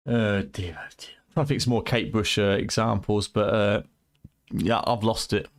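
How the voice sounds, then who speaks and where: A man's voice: fairly low pitch, steady tone, moderate pace. A man with a British accent chatting and joking with viewers during a late-night game stream, his voice tired and going, teasing and swearing freely. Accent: British English. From United Kingdom.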